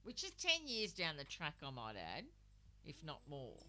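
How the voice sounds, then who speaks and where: A middle-aged woman tells a story as a radio guest, laughing often and swearing freely. Her voice is bright and on the lower side, with lively swings in pitch as she acts out her thoughts. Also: measured pace. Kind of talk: casual storytelling chat.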